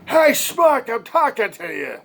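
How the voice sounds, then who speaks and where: A burning bush that talks like a pushy New Yorker, impatient and rude, calling for attention in a much higher, louder voice, as a man puts it on. It mocks whoever it addresses and has no patience at all. Brash New York wisecracking carries every line. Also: big pitch swings, a little slow, gravelly, breathy edge, heavily acted. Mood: impatient mocking.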